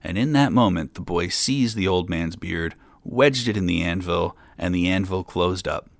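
A man reading a fairy tale aloud in a calm, steady storytelling manner. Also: deep voice, normal speed, gravelly, dry recording.

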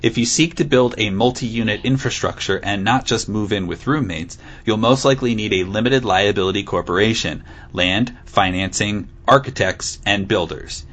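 A fairly low male voice with a rather bright tone reads a news article aloud at a moderate pace, barely pausing. He's a co-host on a casual podcast, giggling and amused, often bursting into laughter and giving the words playful emphasis.

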